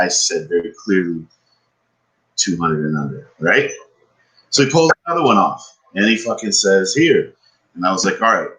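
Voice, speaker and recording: A man's voice: sits low, poor audio. A man, podcast co-host, telling a story in casual chat, swearing often and ranting with frustration. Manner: profane, animated, frustrated ranting.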